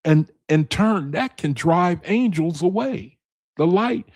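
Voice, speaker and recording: A man's voice: high voice, expressive, slow pace, a little mellow. A man with speech leads a casual Bible study for his viewers. He talks in a loose, conversational way and keeps hammering the same point again and again. His voice sounds dry and close, with no room echo. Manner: conversational, repeats phrases, addresses viewers as brethren and man.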